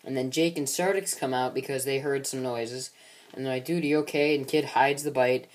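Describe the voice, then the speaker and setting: A man's voice: medium pitch, steady tone, moderate pace. Rambling guy recapping a story. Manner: rambling, with many ums and restarts. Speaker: amateur film maker recapping his series.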